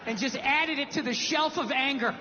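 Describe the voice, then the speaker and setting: An American man doing a stand-up routine, loud and exasperated, bursting into shouts. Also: very high-pitched, moderate pace, highs cut off, background noise. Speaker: stand-up comedian. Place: theater stage. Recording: live venue reverb with crowd.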